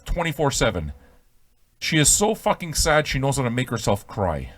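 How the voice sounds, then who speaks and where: A middle-aged man hosting a casual radio show, rambling and swearing in a jokey way, with sudden loud bursts. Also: on the high side. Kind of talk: casual profane radio banter.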